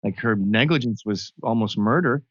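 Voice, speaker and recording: A man's voice: lowish voice, moderate pace, a bit bright, no echo, muffled recording. A man talking casually as a podcast guest, telling crude, blunt stories. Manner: crude, blunt storytelling with acted quotes.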